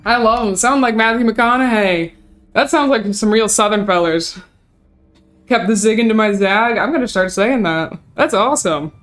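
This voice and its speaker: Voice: medium pitch, normal speed, fairly bright tone. A streamer chatting casually over a game, swearing freely. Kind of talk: casual live-stream commentary.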